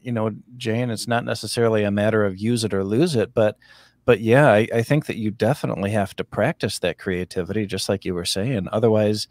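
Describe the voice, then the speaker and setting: A man's voice: lowish voice, fairly even intonation, a little fast, a little mellow, dry recording. A man hosting a casual chat, rambling and joking with lots of repetition.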